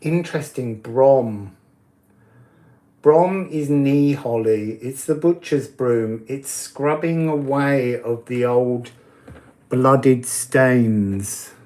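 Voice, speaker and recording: A man's voice: mid-range voice, very slow, a little mellow. A man giving oracle card readings in a casual live-stream chat, talking easily, answering viewers' comments and laughing often.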